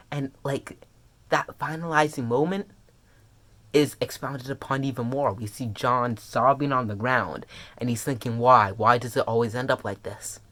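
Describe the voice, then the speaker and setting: A webcomic reviewer in an excited casual review, gushing and filler-heavy, jumping into high squeals and dropping to soft murmurs. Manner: drops to soft, low murmurs when serious.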